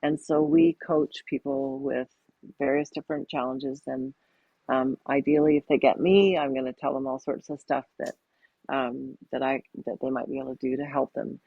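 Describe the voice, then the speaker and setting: Gravelly-voiced woman, reflective and halting. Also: rumbling low, fairly even intonation, dry recording, highs cut off. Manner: thoughtful, halting, with frequent restarts. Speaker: guest, yoga teacher and coach. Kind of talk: reflective interview talk.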